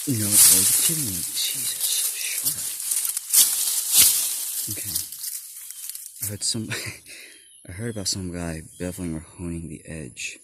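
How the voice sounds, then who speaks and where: Male vlogger, slow, rambling, swears a lot; loud packaging crinkle behind. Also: low-pitched. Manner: rambling, self-correcting, swears and laughs often. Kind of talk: casual unboxing chat. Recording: loud crinkling and tearing noise.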